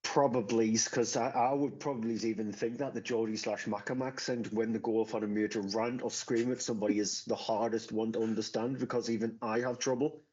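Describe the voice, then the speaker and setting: A man's voice: medium pitch, fairly even intonation, a little fast, hardly any pauses, a little mellow, husky, muffled recording. A man from northeast England, chatting casually and matter-of-factly as a podcast co-host. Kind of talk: casual chat.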